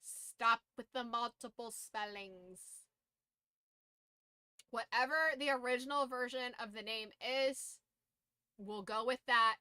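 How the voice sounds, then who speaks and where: A woman streamer in casual chat, blunt and swearing freely, her throat going hoarse. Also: on the high side, steady tone, slow, pauses often, pushed and bright, dry recording.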